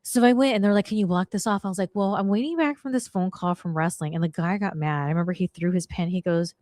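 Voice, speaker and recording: A middle-aged woman casually telling a story on her podcast, slangy and animated, acting out the people she quotes. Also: on the low side, quick pace, dry recording. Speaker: podcast host.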